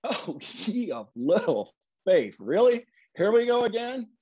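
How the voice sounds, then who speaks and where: A man voicing Jesus as calm and a little groggy, chuckling and easygoing. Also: high-pitched, normal speed, slightly rough, lo-fi sound, exaggerated voice.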